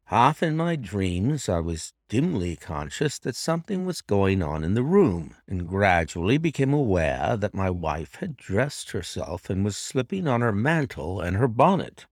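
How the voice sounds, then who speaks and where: A man with a low voice narrates a classic tale in the first person, his pitch rising and falling with each turn of the story. The recording is dry and close, with no room sound at all. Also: no room sound. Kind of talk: dramatic audiobook narration.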